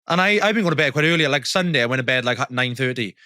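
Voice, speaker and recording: Bright-voiced young man from Wales, teasing. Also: mid-range voice, animated, no room sound, clean studio sound. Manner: storytelling, teasing, halting restarts. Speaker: podcast co-host. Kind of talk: casual chat.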